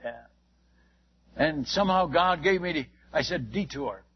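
An older man, a missionary, tells stories in an animated sermon, chuckling often and repeating his words. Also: on the high side, unhurried, slightly rough. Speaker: missionary speaker. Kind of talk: storytelling sermon. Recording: dull lo-fi recording.

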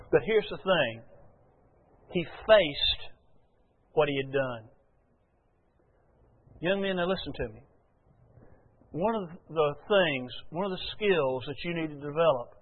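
A male pastor delivering an earnest, emphatic sermon in a church, often repeating his key phrases. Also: a little high. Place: church sanctuary. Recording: phone-like sound in a long-echo hall.

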